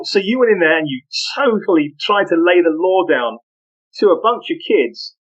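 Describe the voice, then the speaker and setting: A middle-aged man, a podcast guest telling a story in an earnest, animated, conversational way that is full of restarts. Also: sits high. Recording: muffled lo-fi audio.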